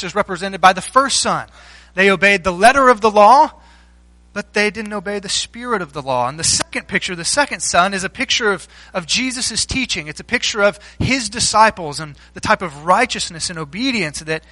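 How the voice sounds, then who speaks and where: A man's voice: high-pitched, animated, brisk, bright, forceful tone, no room sound. A man preaching a sermon, telling a story with many fillers and restarts and asking the congregation questions. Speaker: pastor.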